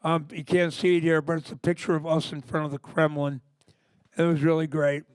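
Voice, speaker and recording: A man's voice: a little high, little pitch movement, brisk, clear, resonant tone, dry recording, clean studio sound. A man in his sixties, a punk singer, telling stories in a rambling, enthusiastic way during a live interview before an audience. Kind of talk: casual live interview talk. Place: library music department before an audience.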